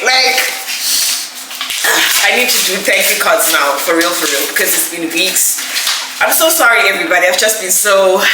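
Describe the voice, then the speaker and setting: A young woman, unboxing gifts in a casual vlog, gushing, emotional and laughing often. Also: mid-range voice. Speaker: vlogger. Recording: echoey room, background noise.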